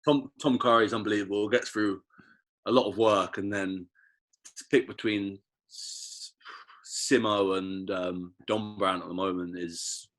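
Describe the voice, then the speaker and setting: Reflective man with a lowish voice. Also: measured pace. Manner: reflective, animated when telling stories. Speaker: guest, professional rugby player. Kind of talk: casual podcast interview.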